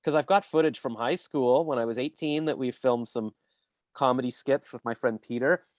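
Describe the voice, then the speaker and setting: A male podcast host chats in a loose, rambling way, piling up fillers and restarts as he tells his stories. His voice sits at an ordinary middle pitch. It is recorded dry, with no room sound around it. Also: normal speed, dry recording. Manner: rambling storyteller, many fillers. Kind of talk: casual interview chat.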